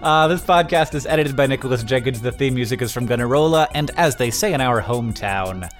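A middle-aged man co-hosting a casual podcast, joking in a dry, wry, deadpan way. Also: mid-range voice, a little fast, faint music behind. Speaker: podcast co-host.

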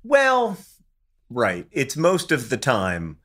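A man's voice: medium pitch, normal speed, sharp tone. A man co-hosting a casual podcast, wry and teasing, musing on odd facts. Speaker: podcast co-host.

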